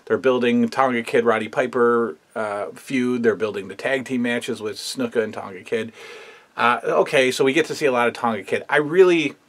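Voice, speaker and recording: Guy rambling through a wrestling recap, lots of uhs and likes, blunt opinions, average pitch. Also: moderate pace, a bit bright. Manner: rambling, filler-heavy, opinionated. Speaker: wrestling history show host. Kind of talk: casual review commentary.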